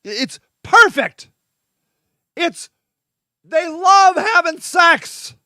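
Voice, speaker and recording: High, bright-voiced man riffing irreverently. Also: very animated, extremely slow, dry recording, studio quality. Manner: rambling, irreverent, jokey, bursts into shouts; vamping, talks to his audience. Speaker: host. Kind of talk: casual solo monologue.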